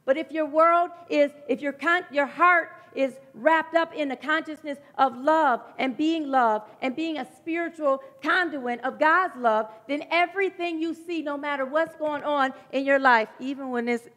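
A woman's voice: high-pitched, moderate pace, few pauses, fairly bright tone. A middle-aged woman preaching a sermon in an earnest, emotional, reflective way, near tears at times.

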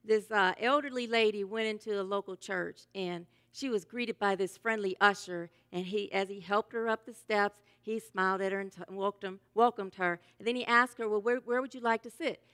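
A woman minister giving a sermon, loud and enthusiastic, laughing often. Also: medium pitch, steady tone, moderate pace, few pauses, smooth.

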